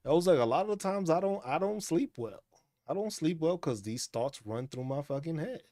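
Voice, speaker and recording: A man's voice: fairly high pitch, lively intonation, a little fast, mellow, dry recording. A man hosting a casual chat stream, talking in a laid-back, profane way and laughing often. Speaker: streamer host.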